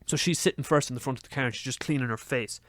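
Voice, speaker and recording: Fast, lively guy telling stories. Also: mid-range voice, dry recording. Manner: animated, swearing, acts out his own panicked shouts. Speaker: podcast co-host. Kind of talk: casual storytelling chat.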